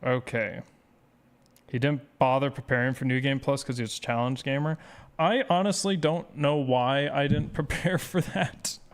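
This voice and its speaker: A man's voice: mid-range voice, steady tone, moderate pace. A man speedrun streamer chatting casually with his viewers, rambling and self-deprecating as he reads chat aloud.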